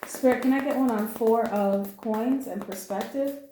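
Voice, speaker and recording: A woman's voice: on the high side, moderate pace, dark tone, a little hiss or hum. Emotional, earnest woman tarot reader in an echoey room. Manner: emotional, earnest and comforting, with blunt slang. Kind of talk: casual spoken tarot reading.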